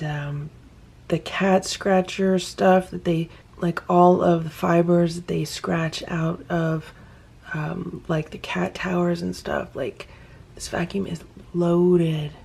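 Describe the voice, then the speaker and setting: A woman's voice: lowish voice, gravelly, mellow, slightly rough. A woman narrating a casual home vlog, chatting about her cats and talking to them as she films. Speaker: cat rescuer vlogger.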